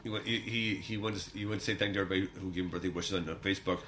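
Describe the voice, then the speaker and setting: A man's voice: low voice, fairly even intonation, very fast, fairly bright tone, slight background noise. A man co-hosting a podcast, telling stories in a casual, rambling way and laughing often. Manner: laughs often, rambling storytelling with many fillers. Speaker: podcast co-host. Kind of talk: casual chat.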